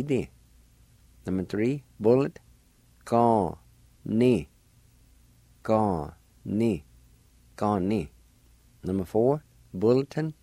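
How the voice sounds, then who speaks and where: A man hosting a radio language lesson, slowly spelling words letter by letter and repeating each one. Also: lowish voice, warm tone, dry recording. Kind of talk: slow spelling and pronunciation lesson.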